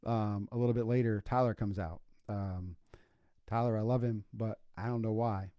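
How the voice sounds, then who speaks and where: A man's voice: lowish voice, fairly even intonation, moderate pace, warm tone, no room sound. A middle-aged man hosting a faith podcast, telling a personal story in a casual, folksy way with lots of asides. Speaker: podcast host.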